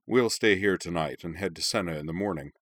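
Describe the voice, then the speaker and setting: A man voicing a cheerful, kindly middle-aged father in an audiobook reading, with a deep voice. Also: a little fast, fairly bright tone, no room sound. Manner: cheerful, friendly.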